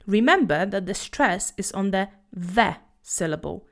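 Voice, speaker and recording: Woman teaching pronunciation, slow and careful. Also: mid-range voice, lively intonation. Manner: slow, careful repetition of words. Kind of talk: pronunciation lesson.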